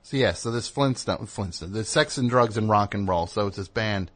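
A man hosting a comedy talk show, rambling through a bit with many fillers and quick mock voices. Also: fairly low pitch. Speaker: radio show host.

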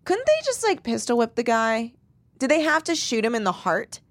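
A woman's voice: fairly high pitch, big pitch swings, normal speed, no echo. A woman in casual chat, retelling scenes and acting out the characters' lines. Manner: acts out characters in quoted voices.

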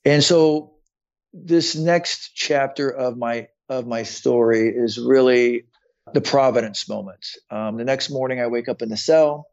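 A man's voice: medium pitch, measured pace, vocal fry, darkish tone, highs cut off. A man in his fifties, a podcast guest, earnestly telling his own story and often repeating words as he goes. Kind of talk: personal storytelling in conversation.

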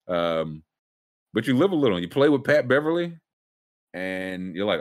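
A man's voice: lowish voice, very animated, normal speed, long pauses. A man co-hosting a podcast, joking loosely in casual sports chat, often trailing off and restarting. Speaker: podcast co-host.

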